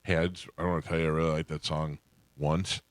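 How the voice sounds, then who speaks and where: A man's voice: a bass voice, level tone, very fast, clean tone, no room sound. A man hosting a radio show, telling rambling self-deprecating stories in casual studio chat and laughing often.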